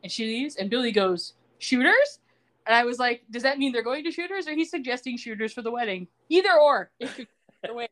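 Woman podcast host, slightly high voice, lively recap, acts out quotes. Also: fast talker. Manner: animated storytelling, acts out quoted lines. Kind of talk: casual chat.

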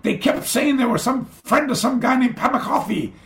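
A man voicing an older Japanese male karate sensei, flustered and formal, speaking in a high, excited, halting way.

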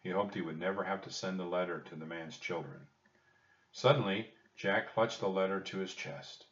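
A man reading a children's chapter book aloud with expressive storytelling. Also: low-pitched, moderate pace. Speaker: audiobook reader. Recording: distant roomy dull home recording.

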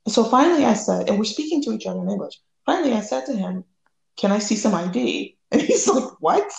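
Gravelly American woman telling a lively story. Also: medium pitch, fast talker, echoey room, poor audio. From United States. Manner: lively, acts out quoted dialogue. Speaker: guest. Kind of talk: animated personal storytelling.

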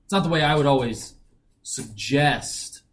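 A man's voice: medium pitch, measured pace, a little hiss or hum. A man co-hosting a casual Bible chat, earnest and reflective, with dry asides.

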